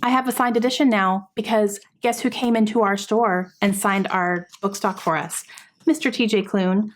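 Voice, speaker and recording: A woman's voice: mid-range voice, unhurried. Young female book vlogger, casual and chatty, prone to exasperated sighs. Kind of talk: casual book review chat.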